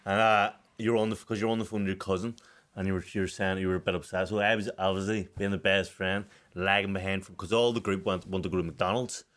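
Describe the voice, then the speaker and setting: A man's voice: low-pitched, fairly even intonation, quick pace, a bit bright. A young male boxer co-hosting a podcast, telling a story in casual chat and laughing often.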